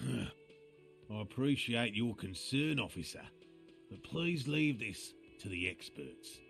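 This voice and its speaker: A man's voice: mid-range voice, animated, slow, gravelly, fairly bright tone, soft background music, full character voice. An actor playing an earnest male cryptozoologist in a game, speaking formally and with measure. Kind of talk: game voice acting.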